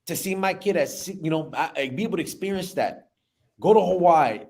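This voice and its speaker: A man in his thirties, a business owner telling an emotional personal story in an animated way, often repeating words. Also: fairly high pitch, a little fast.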